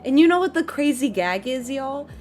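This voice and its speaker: Young adult woman, streamer, casual venting story, exasperated, animated, faint background music. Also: sits high, moderate pace. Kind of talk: casual storytelling rant to chat.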